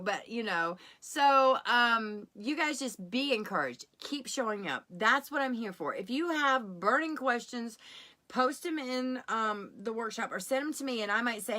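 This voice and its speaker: A woman's voice: on the high side, animated, moderate pace, pushed and bright. A middle-aged woman hosting a live keto workshop, chatty and encouraging, greeting viewers by name as she talks. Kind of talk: casual livestream chat.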